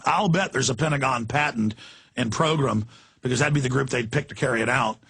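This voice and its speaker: Ranting radio host, bright and husky. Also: male voice, mid-range voice, a little fast. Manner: impassioned, ranting, shifts between yelling and hushed intensity. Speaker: radio talk show host. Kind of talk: ranting talk radio monologue.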